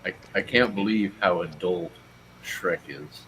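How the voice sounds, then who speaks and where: Easygoing deep-voiced man. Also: unhurried, noisy background. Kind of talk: casual chat.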